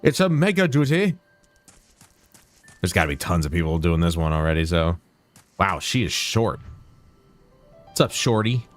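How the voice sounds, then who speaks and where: Game streamer, male, playful and jokey; low-ish voice with lively ups and downs. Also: moderate pace, long pauses, soft background music. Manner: playful, jokey, muttering to himself. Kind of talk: casual livestream commentary.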